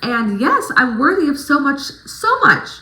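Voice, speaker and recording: A woman with a bright, forceful, fairly high voice gives a casual advice vlog, coaching fellow dancers in an emphatic, swear-laden pep-talk style. Her voice rings around an echoey room. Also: sing-song, a little slow. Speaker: stripper giving advice to other dancers.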